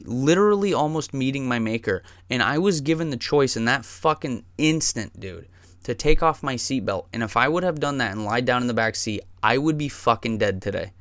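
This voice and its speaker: A man's voice: mid-range voice, fairly bright tone, smooth, no room sound. A man hosting a podcast, telling a personal story in a casual, profane and emphatic way. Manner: profane, emphatic, says "dude" and "man" a lot. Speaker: podcast host.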